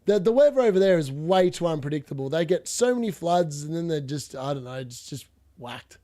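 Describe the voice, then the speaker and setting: A man's voice: on the high side, sing-song, brisk, warm tone. An Australian man from Perth hosting a casual fantasy football live stream, chatting and rambling with viewers, blunt and laughing often. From Perth, Western Australia.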